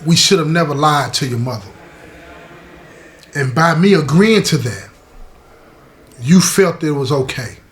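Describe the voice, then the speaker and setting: A man's voice: fairly high pitch, animated, measured pace, pauses often, slight background noise. A man playing a remorseful stepfather who earnestly takes the blame. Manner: earnest, apologetic. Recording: roomy echo.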